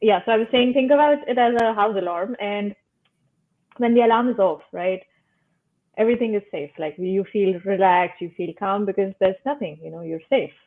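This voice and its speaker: A woman guest calmly explaining how the body and nervous system work, using simple metaphors and checking in with "right?". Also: mid-range voice, normal speed. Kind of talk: casual explanatory talk. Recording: tinny phone-like call line.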